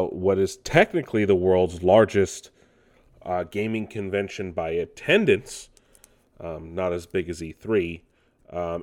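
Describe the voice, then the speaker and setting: A man's voice: on the low side, darkish tone. A man hosting a casual gaming news podcast, talking loosely with lots of ums and restarts. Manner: loose, rambling delivery full of ums and restarts. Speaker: podcast host.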